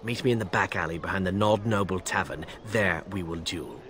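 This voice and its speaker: A stern, proud game knight. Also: male voice, deep voice, brisk, a bit bright, slight background noise. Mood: accusing. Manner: formal, stiff, honor-bound. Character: proud, stern male knight seeking a duel. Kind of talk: video game dialogue.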